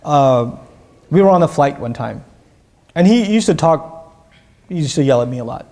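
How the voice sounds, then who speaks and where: A man's voice: on the high side, normal speed. A man giving a lecture on Quran verses, telling stories with energy and putting questions to his listeners. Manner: animated storytelling, asks the audience questions. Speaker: Islamic teacher.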